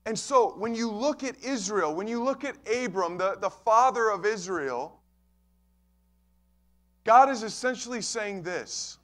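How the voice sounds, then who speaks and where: A man's voice: high voice, expressive, unhurried. A man pastor preaching a sermon, emphatic and repeating key phrases, addressing listeners as friends.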